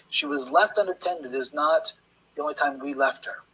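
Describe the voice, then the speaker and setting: A man working as a statement analyst, teaching in a measured, emphatic way how to read interview language. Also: a little high, pushed and bright, breathy edge, poor audio. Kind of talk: explanatory lecture on interview language.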